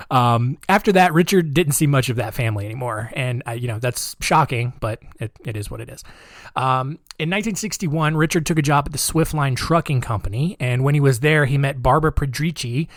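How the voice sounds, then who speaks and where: A man hosts a podcast and tells a true-crime story in a loose, conversational way, full of "um" and "you know." His voice sits at an average pitch, and he drops in wry sarcastic asides. The recording is dry and close. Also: dry recording. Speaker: podcast host.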